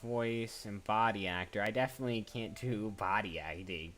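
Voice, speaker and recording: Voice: mid-range voice, a bit bright. A voice actor chatting casually while browsing job listings, rambling and often cutting themself off. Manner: chatty, rambling, self-interrupting. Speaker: voice actor streaming job applications. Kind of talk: casual chat.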